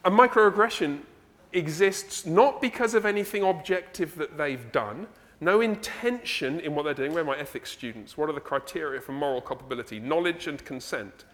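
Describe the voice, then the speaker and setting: A man with an English accent preaching a sermon as pastor, animated and conversational, full of rhetorical questions. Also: a little high, moderate pace, big-room sound. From England. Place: church sanctuary.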